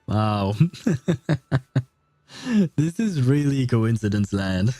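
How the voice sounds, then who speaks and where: A man's voice: mid-range voice, expressive, a little slow, warm tone, no echo. A man streaming a game, reading its dialogue aloud and chatting with a laugh and many restarts, with a lozenge in his mouth.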